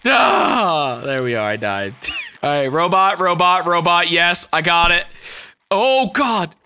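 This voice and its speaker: High, excitable man yelling over gameplay. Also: takes it slowly, slight background noise. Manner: excitable, yelling, swearing, laughing. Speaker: gaming YouTuber. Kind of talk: let's-play commentary. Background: game music.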